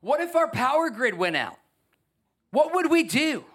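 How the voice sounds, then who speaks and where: Brief: male pastor, high voice, emphatic sermon delivery into a stage mic, church setting. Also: very animated, a little slow, fairly bright tone. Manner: earnest, emphatic preaching with frequent restarts. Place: church, speaking to a congregation. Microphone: handheld or stage microphone.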